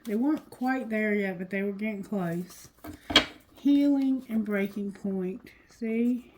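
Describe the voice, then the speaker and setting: A woman giving a casual tarot reading to her viewers, talking loosely and cursing, going quieter when she asks the cards. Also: medium pitch, slow, heavy background noise. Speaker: tarot reader.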